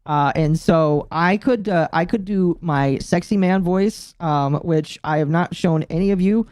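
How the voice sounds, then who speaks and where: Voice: medium pitch, unhurried, clean tone, dry recording, clean studio sound. A streamer hosting a casual live stream, ranting with plenty of swearing and laughter. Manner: profane, animated ranting with frequent laughter. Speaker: streamer host.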